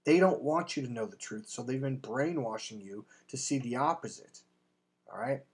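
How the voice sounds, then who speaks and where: A man's voice: medium pitch, expressive, moderate pace, husky. A man talking as a dating coach, delivering an emphatic, blunt sales monologue with casual swearing. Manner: acts out quoted voices in anecdotes.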